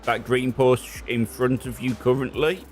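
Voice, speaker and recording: A young man spotting for a sim racer, calling traffic briskly between jokes. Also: mid-range voice, steady tone, soft background music. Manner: brisk, jokey, calls traffic in short bursts. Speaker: race spotter. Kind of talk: live radio spotting during a sim race.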